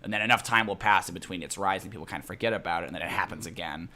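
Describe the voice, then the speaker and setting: Male DM, lowish bright voice, rambling casual narration, faint noise behind. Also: rapid-fire. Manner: loose, rambling narration full of likes and fillers. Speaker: dungeon master. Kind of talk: narrating a tabletop game.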